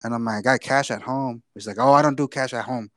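A man's voice: medium pitch, steady tone, fast, fairly bright tone, dry recording. Young guy, podcast co-host, rambling storyteller, dry close sound. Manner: loose, profane, repeats himself. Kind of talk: casual storytelling.

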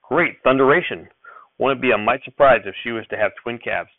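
Excitable old farm grandfather voiced by a man, folksy dialect, gravelly voice, dry phone-like audio. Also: mid-range voice, brisk, dry recording, lightly acted. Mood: excited. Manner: folksy backwoods dialect, repeats exclamations.

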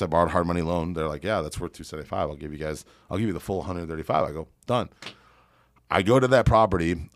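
Fast-talking low-voiced man swearing brashly. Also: no echo, studio quality. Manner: brash, swearing, boastful, animated. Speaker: real estate investor guest. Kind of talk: profane storytelling on a podcast.

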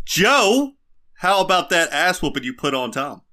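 A man co-hosting a casual podcast, teasing and deliberate. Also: fairly high pitch, big pitch swings, bright, forceful tone. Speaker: podcast co-host.

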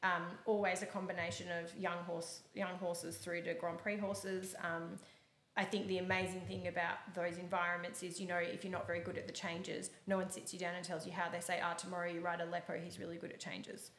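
Woman telling lively stories. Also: lowish voice, a little fast, roomy sound. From Australia. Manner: lively, laughs often, acts out voices. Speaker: guest, horse eventer. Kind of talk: animated storytelling in an interview.

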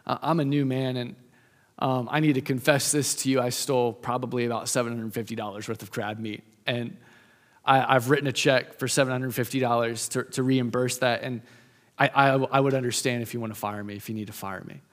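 A man voicing a humble, newly converted male warehouse worker who speaks softly, earnestly and apologetically. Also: a little high, little pitch movement, brisk, in a large hall, close to an everyday voice.

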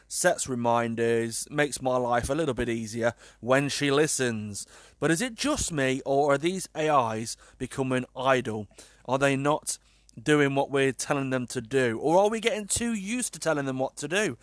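Chatty, exasperated British vlogger. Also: male voice, medium pitch, no room sound. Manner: chatty, exasperated, swears and laughs often. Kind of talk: casual chat to camera.

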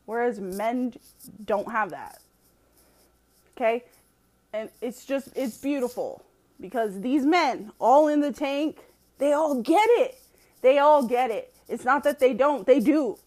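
A woman's voice: sits high, slow, a little mellow. A woman giving a casual opinion monologue, emphatic and profane, laughing often as she talks. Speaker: commentator.

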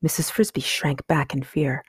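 A woman reading a children's novel aloud in calm, measured audiobook narration. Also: sits low, slightly rough, no room sound, studio quality. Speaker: reader.

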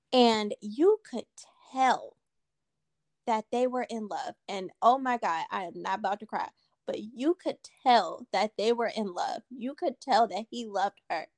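Woman, podcast host, earnest and emphatic, unhurried delivery, dry close sound. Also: fairly high pitch, no room sound. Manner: earnest, emphatic, repeats key phrases for stress. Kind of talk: casual podcast conversation.

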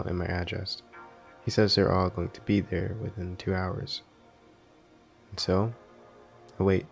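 A man narrating a scary story in a measured, scripted way. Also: deep voice, vocal fry. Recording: quiet ambient music behind.

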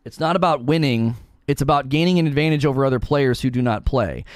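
A man's voice: medium pitch, fast talker, no room sound, studio quality, faint music behind. A man ranting in a sarcastic, argumentative way, as a streamer answering his chat. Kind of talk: ranting commentary.

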